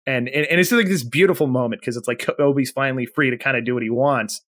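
A man's voice: mid-range voice, fast talker, fairly bright tone, no room sound. A man co-hosting a casual podcast chat, retelling scenes animatedly and acting out characters' lines. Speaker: podcast co-host.

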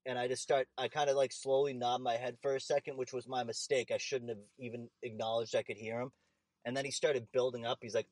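A young man telling an animated, profane story in casual chat. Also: mid-range voice, fast talker, dry recording.

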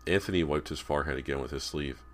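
A man's voice: very deep voice, fast, a little hiss or hum. A man reading a young-adult horror novel aloud as an audiobook narrator. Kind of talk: scripted narration.

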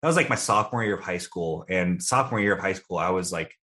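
Deep-voiced young man, easygoing. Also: lively intonation, fast talker, bright, forceful tone. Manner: easygoing, thoughtful, self-deprecating. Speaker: guest. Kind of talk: casual interview answers.

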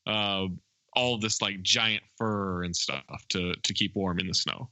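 Bright-voiced man rambling through a plot recap. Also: deep voice, unhurried, no room sound. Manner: rambling scene-by-scene retelling with many fillers. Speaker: podcast co-host. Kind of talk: casual movie recap chat.

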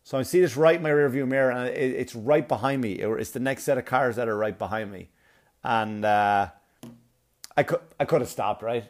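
A man's voice: mid-range voice, normal speed. A comedian chatting casually to his viewers, telling a rambling, profane story with asides, sounding like he has a cold.

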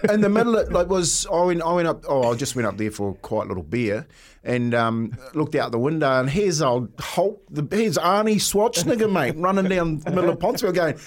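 A man with a New Zealand accent co-hosting a show, telling stories with lots of laughter and lively banter. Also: on the high side, brisk. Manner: laughing, storytelling, excitable. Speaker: radio show co-host. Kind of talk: casual banter.

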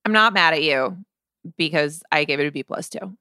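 A woman co-hosting a podcast, chatting casually about an album in a playful, animated way, often restarting her sentences. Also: low voice, normal speed, dry recording, clean studio sound. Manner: animated, playful, self-interrupting. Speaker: podcast co-host. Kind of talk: casual chat reviewing music.

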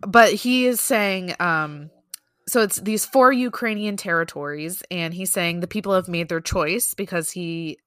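Bright-voiced chatty woman podcast co-host. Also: on the low side, a little slow, no room sound, clean studio sound. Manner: chatty, laughs often, loose fillers. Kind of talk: casual news chat.

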